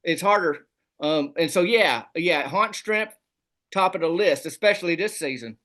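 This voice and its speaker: A man, a comedy guest telling boastful tall tales in a deadpan rural persona. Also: fairly high pitch, moderate pace. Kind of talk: comic storytelling in a rural persona.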